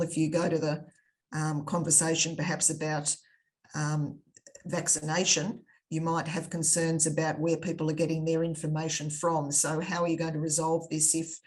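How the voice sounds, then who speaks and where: Low-voiced australian woman on a webinar panel, thoughtful, lots of ums. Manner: thoughtful, measured, with many fillers. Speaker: panelist on conflict resolution. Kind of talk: webinar discussion.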